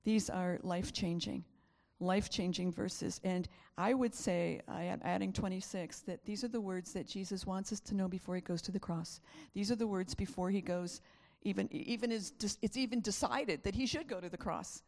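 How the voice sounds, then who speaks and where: Gravelly woman preaching in a reverberant hall. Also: medium pitch, normal speed, a little mellow. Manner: emphatic and repetitive, sometimes dropping to a whisper. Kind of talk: sermon.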